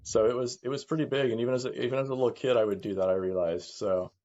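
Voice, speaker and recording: A middle-aged man speaking candidly as a guest, halting and reflective, often repeating words as he works through his thoughts. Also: mid-range voice, steady tone, warm tone, highs cut off. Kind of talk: candid conversation.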